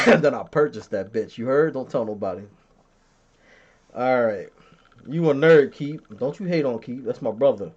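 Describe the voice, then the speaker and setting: A man's voice: mid-range voice, expressive, moderate pace, slight background noise. A man in his thirties hosting a podcast, chatting casually, joking and swearing as he reads chat comments and tells stories. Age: 30s. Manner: profane, joking storyteller who laughs often. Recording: dull lo-fi sound.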